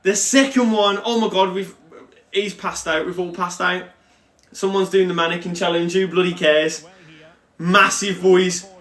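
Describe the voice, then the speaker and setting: A young man hosting a video game let's-play, excitable and given to loud celebratory shouts. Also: sits high, measured pace, reverberant. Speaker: gaming channel host. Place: home room.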